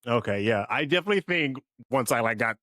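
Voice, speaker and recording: A young man with a deep voice, co-hosting a podcast in a laid-back, joking casual chat. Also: animated, fast talker, pushed and bright, dry recording, studio quality. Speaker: podcast co-host.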